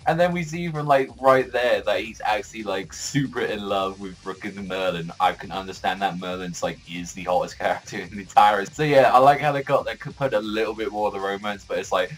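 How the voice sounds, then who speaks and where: A man's voice: lowish voice, fairly quick, hardly any pauses, rough recording. A man reviewing a manga chapter in a casual vlog, rambling with constant fillers and frequent swearing.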